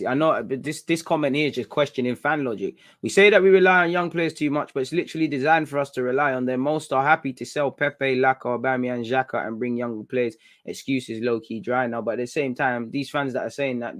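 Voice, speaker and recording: A man with a British accent hosts a casual livestream, chatting to viewers in relaxed street slang. He is animated and chatty as he answers comments. His voice sits at an everyday middle pitch. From England. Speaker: livestream host.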